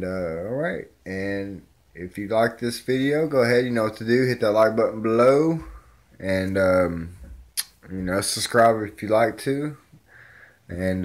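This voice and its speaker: A man speaking in a casual, rambling vlog message, sincere and full of fillers. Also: low-pitched. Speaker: vlogger.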